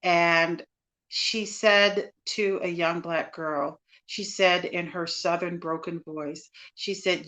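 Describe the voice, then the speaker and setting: A woman's voice: lowish voice, fairly even intonation, takes it slowly, a bit bright. A woman who is a minister and author, speaking as a podcast guest in an emphatic, affirming way. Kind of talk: interview talk.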